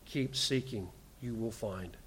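A pastor preaching a sermon, telling a story and earnestly pleading with the listeners, building up to forceful emphasis. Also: male voice, lowish voice, slow pace, slightly rough. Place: church.

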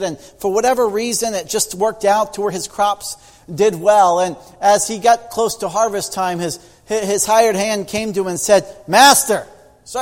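A man's voice: high voice, a little mellow. A middle-aged man preaching a sermon, telling stories and acting out the voices of the people in them. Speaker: pastor. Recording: long hall reverb.

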